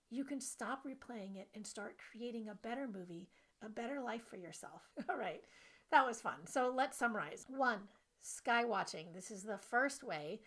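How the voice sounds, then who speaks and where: A woman self-help coach giving an animated, playful instructional video lesson. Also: mid-range voice, vocal fry.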